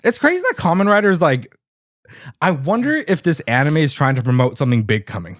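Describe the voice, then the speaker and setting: Fairly high and a bit bright, this man's voice swings widely in pitch as he speaks a little fast, co-hosting a casual podcast. He tells an energetic story, laughing frequently and cursing casually. The studio-quality recording is dry.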